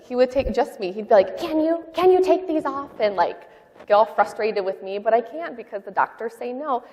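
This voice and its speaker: A woman sharing a personal testimony in a church interview, talking in a halting, heartfelt way with many fillers. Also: medium pitch, dark tone, big-room sound. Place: church sanctuary.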